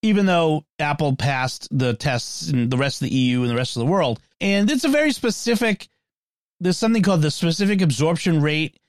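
A man's voice: on the high side, animated, a little fast, no room sound, clean studio sound. A man co-hosting a tech podcast in casual chat, talking at length with restarts and fillers. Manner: chatty, frequent restarts and fillers. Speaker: podcast co-host.

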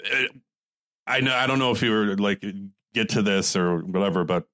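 A man co-hosting a casual movie podcast, unhurried and reflective, chuckling as he talks. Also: on the low side, a bit bright, dry recording. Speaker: podcast co-host.

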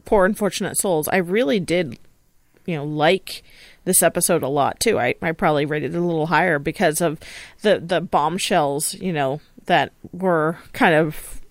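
A woman hosts a casual podcast in a somewhat low voice. She talks chattily, circling back with fillers and restarts. The sound is dry and close. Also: moderate pace, no room sound. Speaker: podcast host.

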